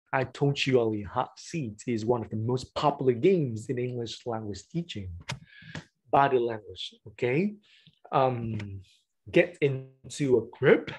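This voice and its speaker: This Vietnamese-native speaker walks teachers through classroom games one step at a time in a webcam training session online. He has a mid-range, slightly mellow voice with a breathy edge.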